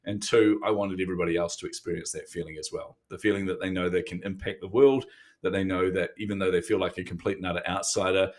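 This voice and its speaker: Low-voiced New man in his fifties. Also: fairly even intonation, quick pace. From New Zealand. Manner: candid, self-deprecating, laughs often. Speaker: podcast guest. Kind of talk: interview storytelling.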